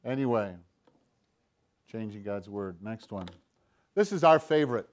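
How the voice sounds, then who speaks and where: Man preaching with loud and hushed swings. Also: animated, unhurried. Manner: preaching with big swings between loud emphatic lines and hushed low asides; acts out Satan's voice in quoted lines. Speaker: pastor. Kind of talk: sermon.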